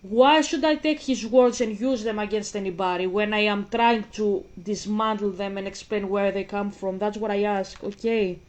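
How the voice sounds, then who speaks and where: Slow-talking woman vlogger. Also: mid-range voice, a little mellow, muffled recording. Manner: slow, hesitant, breaks off to question and argue. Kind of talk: casual vlog commentary.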